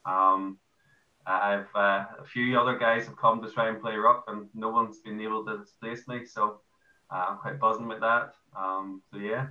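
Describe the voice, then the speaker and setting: A man's voice: on the low side, fairly even intonation, normal speed, reverberant, recorded from a distance, lo-fi sound. An Irish man being interviewed as a guest about playing amateur football, chatty with playful boasts. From Ireland. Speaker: guest, amateur footy ruckman. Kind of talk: casual podcast interview.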